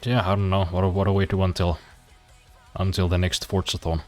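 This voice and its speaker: A man's voice: sits low, level tone, a little fast, a little mellow, soft background music. A man streaming a racing game, chatting casually with dry, self-deprecating humor and casual swearing. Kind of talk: casual gameplay commentary.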